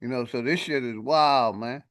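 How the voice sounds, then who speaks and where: A man hosting a livestream, laid-back, reading off shout-outs to his chat. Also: medium pitch, normal speed. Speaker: livestream host.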